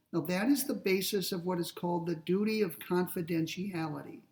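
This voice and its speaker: A man lecturing on ethics, explaining step by step in a deliberate way and slowing down to read quoted passages. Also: high-pitched, a little mellow, distant mic, low-quality recording. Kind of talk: classroom lecture.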